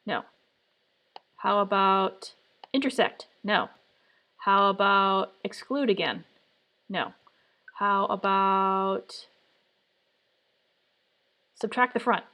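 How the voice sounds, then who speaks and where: A woman's voice: medium pitch, steady tone, very slow, pauses often, pushed and bright. A woman streaming live from her home workspace. She mutters to herself as she tries things out, one attempt after another. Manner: muttering, trial-and-error self-talk. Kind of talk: live design stream, thinking aloud.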